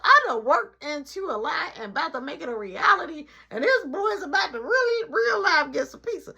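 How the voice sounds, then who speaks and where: Young woman storyteller, lively swooping pitch, higher voice, casual. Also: fairly quick, gravelly, hardly any pauses. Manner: animated, swooping, repetitive storytelling. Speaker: vlogger.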